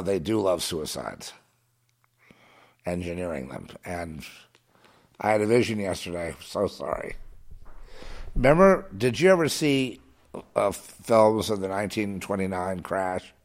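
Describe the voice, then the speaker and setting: Lowish guy ranting on his own show, halting, trails off then gets loud. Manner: agitated, swings from muttering to shouting; halting, many restarts. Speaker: commentator. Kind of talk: rambling political monologue.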